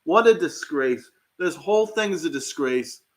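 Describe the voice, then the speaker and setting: A man's voice: fairly high pitch, animated, normal speed. A man co-hosting a live fan stream, reacting to the game with angry, profane ranting and frequent restarts.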